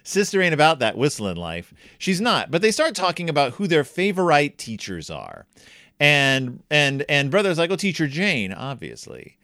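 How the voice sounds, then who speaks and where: A man hosting a comedic book review, talking in an animated, jokey way with wry asides. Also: on the high side, moderate pace, no echo, studio quality.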